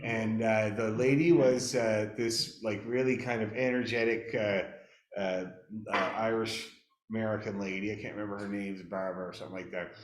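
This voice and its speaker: A man from Nova Scotia leading an orchestra rehearsal, counting the players in and telling a relaxed, chatty story. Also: lowish voice, normal speed. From Nova Scotia, Canada. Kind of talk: rehearsal talk and anecdote. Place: rehearsal hall. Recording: roomy echoey hall.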